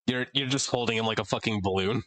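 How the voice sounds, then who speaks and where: A young man with a bright, clear voice runs a tabletop game as dungeon master. He talks in a chatty, halting way, full of fillers and quick laughs. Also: on the low side.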